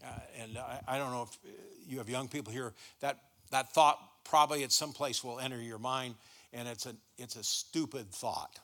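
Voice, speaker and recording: A middle-aged guest pastor preaches a sermon in a church, his mid-range voice steady, bright, and forceful at a moderate pace. He's folksy and stumbles over repeated words when starting sentences.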